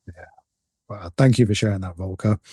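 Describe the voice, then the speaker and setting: A man's voice: lowish voice, moderate pace, mellow, husky, dry recording, clean studio sound. A man hosting an interview, thanking his guest and asking polite, encouraging questions. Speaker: podcast host.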